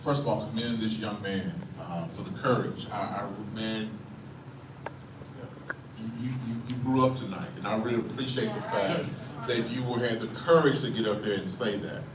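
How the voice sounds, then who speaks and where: A man speaking earnestly at a community panel, halting with frequent "uh"s. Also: fairly low pitch. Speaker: foundation founder at a panel. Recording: echoey room, distant mic, background noise.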